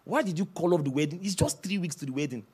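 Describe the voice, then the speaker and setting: A preacher voicing a quietly concerned mother. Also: a little high, animated, quick pace, husky, voice pushed down. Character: concerned mother questioning a man, middle-aged woman.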